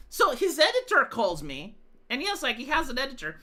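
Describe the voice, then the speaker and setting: A woman's voice: high voice, wildly swooping pitch, normal speed, sharp tone. A woman live streamer telling a rambling, profane story in casual chat, full of fillers and restarts. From Romania.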